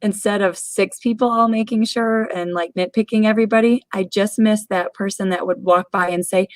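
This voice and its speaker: A woman's voice: medium pitch, fairly even intonation, normal speed, no echo. A woman co-hosting a podcast, chatty and loose, leaning on filler words, with a mid-range voice. The recording is dry and close-miked. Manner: chatty, uses lots of fillers like "like". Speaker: podcast co-host. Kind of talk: casual podcast chat.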